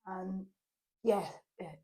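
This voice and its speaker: A woman from Ireland with a Dublin accent, a podcast guest in casual chat, hesitant with many fillers, animated when telling stories. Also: mid-range voice, drawn-out words, husky.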